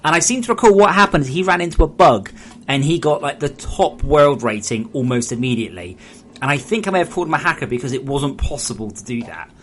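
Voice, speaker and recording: A man's voice: mid-range voice, animated, fast, a bit bright, a little hiss or hum. Rambling man chatting on stream. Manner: rambling, frank, talks straight to chat. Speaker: solo game developer. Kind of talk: casual live-stream chat with viewers.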